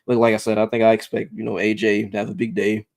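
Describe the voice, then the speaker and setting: Casting: man, podcast co-host breaking down a matchup, measured, close dry mic. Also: fairly low pitch, flat delivery, gravelly, a little mellow, no echo. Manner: measured, lots of "um" and "you know". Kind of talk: casual sports analysis.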